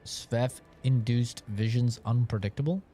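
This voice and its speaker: A man's voice: medium pitch, steady tone, unhurried, dark tone, soft background music. A man streaming live gameplay, joking around and swearing playfully.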